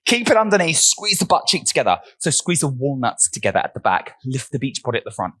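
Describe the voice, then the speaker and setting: Breathless, lively male fitness instructor. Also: medium pitch, fast, hardly any pauses. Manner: energetic counting and cueing, upbeat encouragement. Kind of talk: coaching a workout class.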